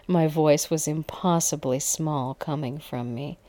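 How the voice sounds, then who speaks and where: A woman's voice: deep voice, measured pace, few pauses, mellow. A woman narrating an erotic audio story in the first person, intimate and at times dropping to a whisper.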